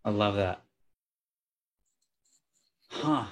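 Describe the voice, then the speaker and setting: A man hosting a conversational interview, relaxed and affirming, with casual swearing. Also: lowish voice, drawn-out words. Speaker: podcast host.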